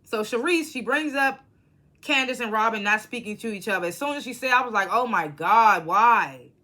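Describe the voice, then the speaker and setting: A woman's voice: on the high side, a little fast. A woman giving a casual reality TV episode recap, blunt and profane, acting out the cast's lines as she tells it. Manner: blunt, profane, animated storytelling.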